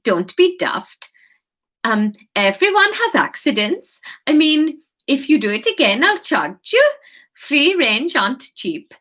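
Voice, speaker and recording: A woman voicing a brisk, kind female kitchen boss with an attempted Swedish accent. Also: high-pitched, sing-song, pushed and bright, heavily acted. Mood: approving. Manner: nodding, sing-song put-on accent.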